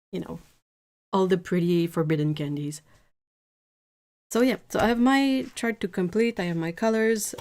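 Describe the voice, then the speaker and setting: A woman's voice: lowish voice, darkish tone. A woman chatting casually on a live stream from her home painting desk, rambling with frequent restarts. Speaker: art streamer.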